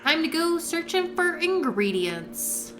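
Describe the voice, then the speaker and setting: Streamer woman, high voice, unhurried musing, faint game music behind. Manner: relaxed, musing to herself. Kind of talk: live game-stream commentary.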